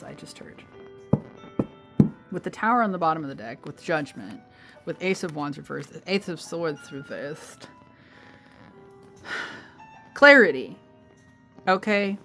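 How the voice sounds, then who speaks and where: A woman's voice: deep voice, fairly bright tone. A woman giving a casual pick-a-card tarot reading, chatting directly to her viewers and calling them babe. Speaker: tarot reader.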